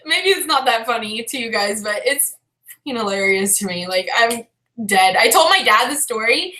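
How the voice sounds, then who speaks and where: High bright-voiced chatty woman. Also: reverberant. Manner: chatty, peppered with "like", laughs through the story. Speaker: vlogger. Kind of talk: casual storytelling.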